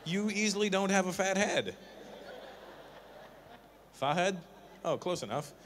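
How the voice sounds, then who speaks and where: A male stand-up comedian doing crowd work live on stage, teasing audience members with profane, quick banter. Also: sits high, expressive, fairly bright tone, a little hiss or hum.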